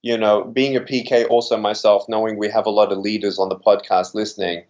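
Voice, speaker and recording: A man's voice: on the low side, level tone, brisk, darkish tone, muffled recording. A man with a slightly Americanized Australian accent, speaking earnestly and with animation as an interview guest. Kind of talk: interview conversation.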